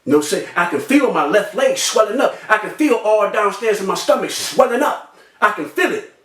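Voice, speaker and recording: A young man telling a personal story in an animated way, acting out voices and sound effects with street slang. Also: sits high, brisk, distant mic. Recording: echoey room, off-mic.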